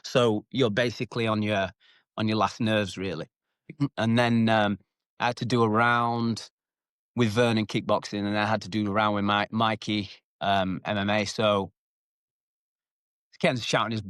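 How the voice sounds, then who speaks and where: A man's voice: fairly low pitch, moderate pace, no echo. British man, retired fighter, loose and profane storyteller, close dry podcast sound. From United Kingdom. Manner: animated, swears freely, acts out shouted quotes. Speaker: retired MMA fighter, guest. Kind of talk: casual storytelling interview.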